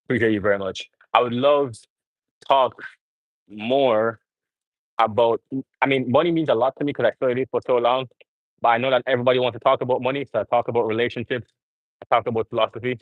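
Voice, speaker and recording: A man's voice: medium pitch, steady tone, fast, long pauses, no echo, phone-quality sound. A young man rambling earnestly to viewers as he livestreams during a gym workout. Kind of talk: casual live-stream chat.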